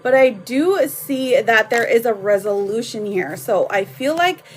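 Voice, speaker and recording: A woman's voice: fairly high pitch, expressive, measured pace. A woman in her thirties reading tarot cards on a live stream, chatty and affectionate with her viewers. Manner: chatty, affectionate, laughs often. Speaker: tarot card reader. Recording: noisy home live stream.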